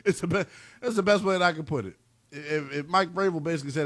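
A man co-hosting a sports talk show, incredulous and animated, firing off rhetorical questions that climb into shouts. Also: a little high, fast talker, no room sound. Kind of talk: sports talk radio banter.

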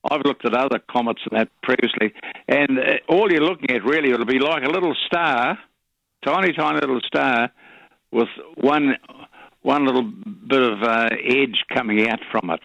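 A man, a regular caller chatting on radio in a rambling, halting way with many fillers. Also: medium pitch, creaky, fairly bright tone, dry recording. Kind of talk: casual radio chat. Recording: dull lo-fi radio audio.

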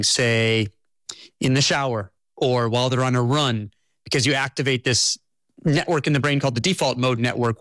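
A man, an author guest in an interview, explaining ideas in a measured, storytelling way. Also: mid-range voice, a bit bright, no echo. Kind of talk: conversational interview.

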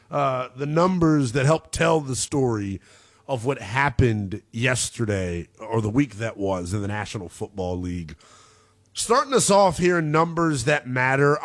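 A man hosting a late-night sports talk radio show, breaking down football stats in a lively, analytical way. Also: fairly high pitch. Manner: animated, analytical, talks through stats.

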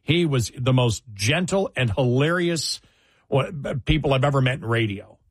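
A man's voice: mid-range voice, lively intonation, dry recording. An older male talk radio host in his sixties, speaking casually on air and stumbling through restarts and fillers as he reminisces. The studio sound is dry and close. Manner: halting, many fillers and restarts, laughs through stories. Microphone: studio microphone.

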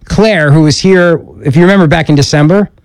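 Man, middle-aged, radio host, teasing banter, fairly high voice, dry close studio sound. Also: fairly quick, dry recording. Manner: joking, teasing. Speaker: fill-in radio talk show host. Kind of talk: casual on-air banter. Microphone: studio microphone.

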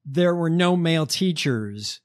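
A man's voice: fairly high pitch, animated. Sardonic man hosting a podcast chat. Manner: storytelling, halting with fillers, sardonic. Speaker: podcast host. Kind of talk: casual chat.

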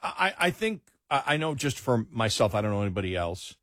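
A man's voice: lowish voice, very animated, brisk, a bit bright, no echo, clean studio sound. A man hosting a late-night political talk radio show, emphatic and incredulous, often restarting his words.

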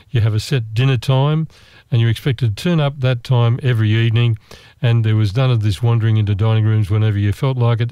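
An Australian man telling a travel story in a relaxed, meandering, chatty way, with asides and restarts. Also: mid-range voice, clean tone, no room sound. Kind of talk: relaxed travel anecdote monologue.

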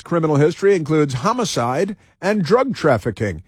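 A man's voice: mid-range voice, normal speed, few pauses, slightly rough, no room sound, clean studio sound. A male talk radio host giving combative commentary, repeating phrases for emphasis.

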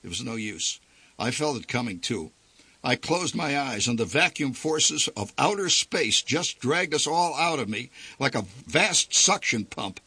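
A man's voice: medium pitch, lively intonation, a little slow, sharp tone, breathy edge, no echo. A man narrating a story aloud, with vivid, theatrical storytelling delivered close to the mic. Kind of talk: dramatic story reading.

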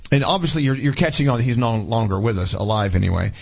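A man's voice: mid-range voice, animated, quick pace, creaky, highs cut off, crowd noise. A middle-aged man hosting a radio morning show, chatting and telling stories with easy laughs. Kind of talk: casual radio talk.

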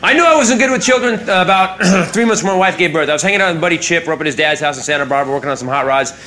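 Wry, high-voiced stand-up storyteller. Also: male voice, rapid-fire, sharp tone. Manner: laid-back, wry, laughs at own jokes. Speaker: stand-up comedian. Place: comedy club stage. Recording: live club recording, audience noise.

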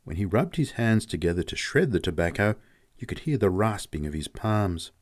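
A man narrating a story as a scripted audiobook reading, in a measured, even storytelling manner. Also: lowish voice.

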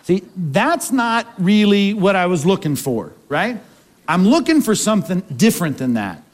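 Male pastor, high voice, preaching a sermon, chatty, keeps asking the crowd questions. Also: very animated, moderate pace. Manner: conversational preaching with frequent rhetorical questions.

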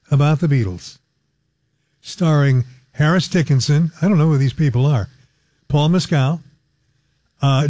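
A man's voice: a little high, darkish tone, dry recording. An older man hosting a radio talk show, speaking in a chatty, offhand way.

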